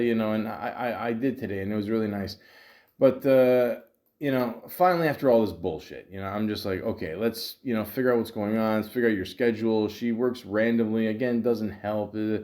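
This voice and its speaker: A man's voice: medium pitch, a little mellow. A man hosting a podcast, telling a frustrating dating story in a rambling, casual way, full of fillers and quoted back-and-forth. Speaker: podcast host. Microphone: podcast microphone.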